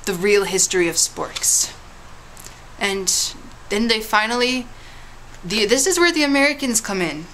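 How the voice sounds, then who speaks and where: A woman's voice: medium pitch, lively intonation, unhurried, a bit bright, a little hiss or hum, poor audio. A woman vlogging casually, telling a mock history tale in a playful, teasing way with big dramatic swoops.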